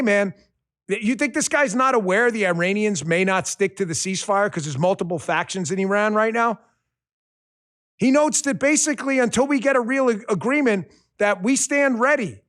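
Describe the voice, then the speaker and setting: A middle-aged man hosting a political podcast, combative and mocking, who swings from shouted insults to quiet muttered asides. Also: sits high. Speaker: podcast host. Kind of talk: political commentary.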